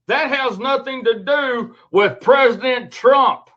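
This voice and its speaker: A man's voice: extremely high pitch, slow, fairly bright tone. A man hosting his own show, ranting angrily and swearing emphatically in an indignant tone. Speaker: host. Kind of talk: angry commentary rant. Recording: dull lo-fi recording.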